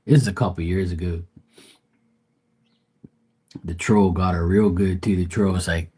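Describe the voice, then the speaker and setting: A man's voice: low voice, steady tone, moderate pace, long pauses, dark tone, husky. A man hosting a tarot livestream, rambling in casual, profane chat with his viewers. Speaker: tarot reader livestream host.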